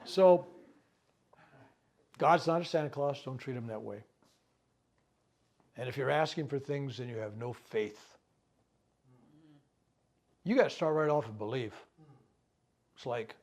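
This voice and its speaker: With a mid-range, slightly mellow voice, a reverend gives a spiritual teaching talk to a live healing workshop. His style is folksy and chatty, full of jokes and rhetorical questions, and he slips in quick asides voicing what people might say.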